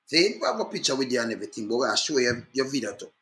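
In casual on-the-spot commentary, a Jamaican vlogger speaks at a racing pace with a medium pitch and big pitch swings, his tone bright and forceful. He's insistent and repetitive, repeatedly calling out to make sure the viewer is keeping up. The room is echoey.

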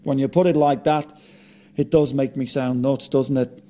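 A man's voice: medium pitch, steady tone, normal speed, warm tone, close to an everyday voice. A man doing a rueful famous musician. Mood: downbeat. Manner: dry, self-mocking quips. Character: resurrected famous musician, male, rueful and wry.

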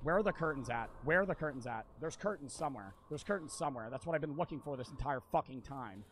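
A young man streaming a horror game, swearing constantly and repeating himself as he swings between muttering and yelling. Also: medium pitch, lively intonation, quick pace, a little hiss or hum. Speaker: gaming streamer. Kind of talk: frustrated let's-play commentary.

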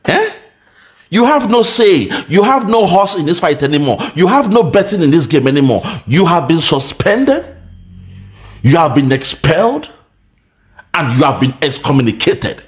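A man's voice: a little high, sing-song, moderate pace. A Nigerian man giving mocking commentary, laughing and taunting in a sing-song way. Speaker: online commentator.

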